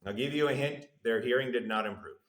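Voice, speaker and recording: A man lecturing in an echoey room, his voice of ordinary middle pitch. He explains step by step with a playful streak and drops his voice low and soft when he quotes what the test subjects answer. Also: quick pace. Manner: explanatory, playful, acts out subjects' replies in a lowered voice. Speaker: university lecturer. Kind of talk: classroom lecture. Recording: roomy echo.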